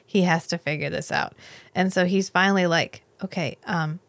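A woman co-hosting a podcast, recapping a miniseries in animated casual chat, swearing freely and acting out the characters' lines. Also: on the low side, normal speed, gravelly, dry recording. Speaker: podcast co-host.

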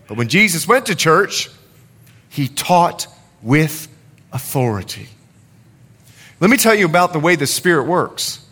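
A man preaching a sermon, animated, with jokes and asides to the congregation. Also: a little high, unhurried, long pauses, husky. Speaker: pastor.

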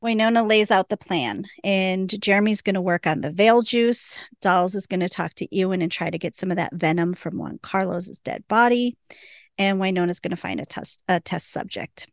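A woman's voice: medium pitch, moderate pace, no room sound, studio quality. A woman casually recapping a TV episode on a podcast, chatty and laughing often as she quotes the characters. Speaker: podcast co-host.

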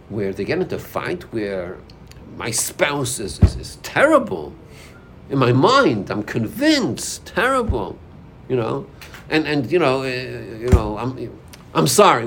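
A man's voice: mid-range voice, very animated, unhurried, fairly bright tone, slight background noise. A man teaching an informal Torah class, acting out inner voices and dialogues as he explains.

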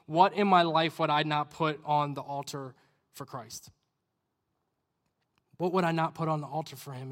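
A young man delivers a sermon in a casual, conversational way. His voice sits high and light, and it often falls to a hushed aside. A long reverb from the hall trails each phrase. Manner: conversational, acts out inner questions, drops to quiet asides. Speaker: youth pastor.

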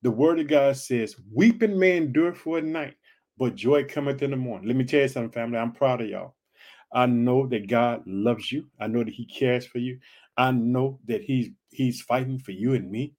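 A man's voice: medium pitch, normal speed, a little mellow. A man from Illinois hosting a faith podcast, preaching in a fervent, repetitive way and calling his listeners family. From Illinois, United States. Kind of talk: encouraging podcast sermon.

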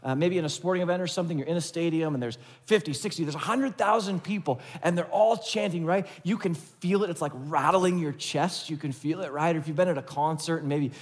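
High-voiced man preaching a sermon. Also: fairly quick, few pauses. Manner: emphatic, conversational preaching with rhetorical questions. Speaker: pastor.

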